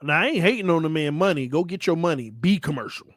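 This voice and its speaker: A man hosting a sports fan channel, talking in a casual, animated, teasing way and breaking into loud excited hollering. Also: fairly high pitch, fast, no echo, clean studio sound. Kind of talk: casual fan commentary vlog.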